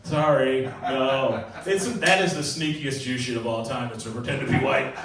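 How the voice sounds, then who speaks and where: A man's voice: medium pitch, moderate pace. A man in his forties doing a profane, brash stand-up set at an open mic. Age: 40s. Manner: brash, profane, lively, laughs at his own jokes. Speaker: stand-up comedian. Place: small comedy venue. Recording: echoey room, mic heard from far off.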